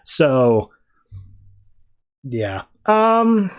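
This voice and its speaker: A man's voice: medium pitch, sing-song, drawn-out words. A man hosting a podcast, casually recapping a comic in a loose, rambling way and breezily quoting the characters. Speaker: podcast host.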